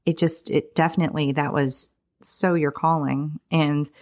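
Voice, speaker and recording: A woman hosting a podcast, chatting and sharing her own stories in a warm, rambling way. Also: deep voice, steady tone, a little slow. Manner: chatty, laughs while recalling, many restarts. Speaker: podcast host. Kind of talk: conversational podcast interview.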